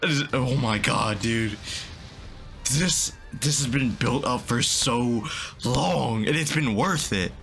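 A young man giving excited, breathless reaction commentary, stumbling over his words. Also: mid-range voice, takes it slowly, gravelly, soft background music. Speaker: anime reaction YouTuber.

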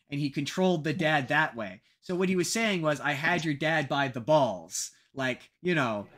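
Man, young adult, podcast co-host, casual rambling chat, bright voice. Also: fairly high pitch. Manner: animated, rambling, self-mocking.

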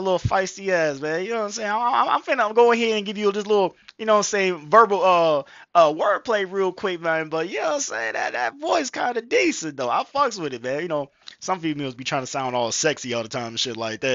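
A man's voice: high-pitched, expressive, fast, fairly bright tone, no echo, highs cut off. A man vlogging casually into a headset mic, rambling with slang, profanity and lots of fillers. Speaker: vlogger reacting to a video. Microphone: gaming headset microphone.

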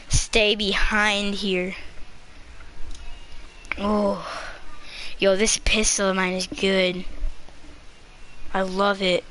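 A woman giving excited gameplay commentary, talking to herself with sudden yelling bursts and laughing asides. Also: medium pitch, a little hiss or hum.

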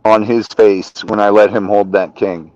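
A man's voice: on the low side, flat delivery, normal speed, darkish tone, dry recording, lo-fi sound. A man guest on a podcast, telling casual stories about a friend with swearing and laughter. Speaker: podcast guest, reptile keeper. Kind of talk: casual storytelling.

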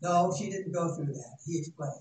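Male pastor, high-voiced, dramatic and folksy, heard from far in a big echoing sanctuary. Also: moderate pace. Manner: dramatic, shouting at peaks, folksy asides. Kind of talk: sermon. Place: church sanctuary. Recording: echoey church, distant mic, faint noise.

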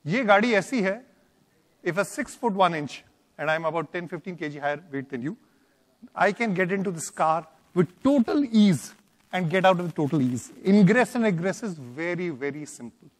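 Indian exec guy pitching a car, talks super fast, high voice, big echoey hall. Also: animated. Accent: Indian English. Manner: brisk, promotional, explains features. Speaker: car company executive. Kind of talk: product presentation at a launch. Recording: reverberant event hall.

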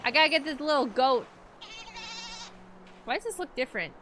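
A woman's voice: high voice, normal speed, noisy background. A woman streaming a video game, chatty and giggly, talking to her viewers. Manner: chatty, giggly, talks to chat. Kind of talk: casual game livestream commentary.

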